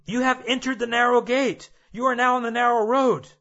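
A man voicing Jesus as a calm grown man, giving steady reassuring instructions. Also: extremely high pitch, a little fast, muffled recording, pitched above the performer's own voice, full character voice.

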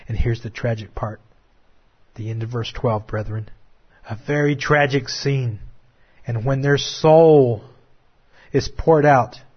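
A man preaching a sermon with impassioned, drawn-out dramatic phrasing. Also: medium pitch, slightly rough, muffled recording.

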